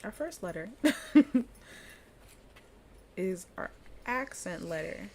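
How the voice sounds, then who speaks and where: A woman's voice: medium pitch, very animated, takes it slowly, darkish tone. A woman giving a casual pronunciation lesson, chatty and loose, often breaking into laughter as she explains. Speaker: language teacher.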